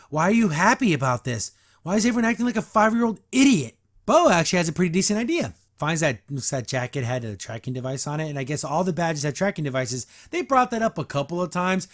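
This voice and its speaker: A man hosting a podcast, giving a blunt, sarcastic, exasperated review of an episode in casual commentary. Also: on the high side. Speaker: podcast host.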